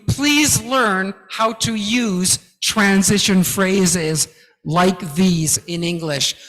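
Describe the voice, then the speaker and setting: A man giving a guest lecture to academics, teaching slowly and emphatically and often checking in with "okay?". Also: high voice, a bit bright. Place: large lecture hall. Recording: long hall reverb.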